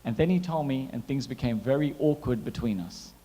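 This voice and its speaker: A man in his thirties doing a stand-up comedy set, chatty and animated, teasing the crowd. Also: medium pitch, brisk, husky. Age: 30s. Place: large hall at a gala dinner. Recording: long hall reverb.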